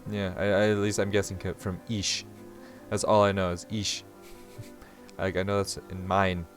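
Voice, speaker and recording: A man's voice: low voice, little pitch movement, moderate pace, faint music behind. A man hosting a gaming video, chatting casually with crude jokes and laughter between lines. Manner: laughing, crude joking asides. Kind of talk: casual let's-play commentary.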